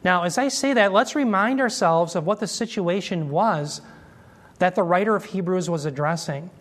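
A man teaching an expository sermon, explaining Greek terms slowly and asking his listeners questions as he goes. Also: high voice, fairly bright tone. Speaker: Bible teacher.

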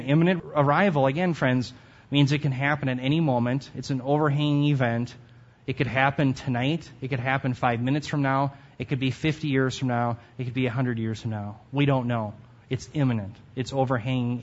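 Earnest man teaching scripture, lo-fi. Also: medium pitch. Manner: earnest teaching tone, stresses key words. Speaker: Bible teacher. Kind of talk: expository sermon.

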